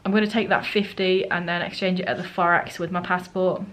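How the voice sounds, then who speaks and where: A travel vlogger on a solo trip talks casually to the camera from a holiday rental flat, acting out what people said to her. Her voice is on the low side and a bit bright, with a flat, brisk delivery, and the recording is rough.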